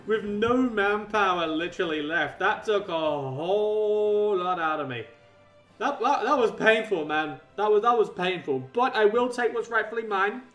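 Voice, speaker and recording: A young man commentating a strategy game he plays, excitable, laughing often and talking to himself. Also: high voice, normal speed, far from the mic. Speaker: gaming channel host. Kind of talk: let's play commentary. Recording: roomy echo, mic set back, faint game music.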